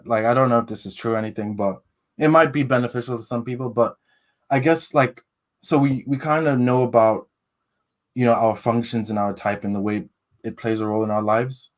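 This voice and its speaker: Guy on a podcast, hesitant and rambling, keeps restarting, mid-range voice. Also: mid-range voice. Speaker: podcast guest. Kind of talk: casual chat.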